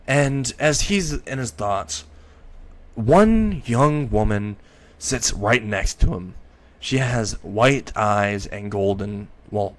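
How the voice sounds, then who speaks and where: A man narrating an improvised fan story in a rambling way, often correcting himself. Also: lowish voice.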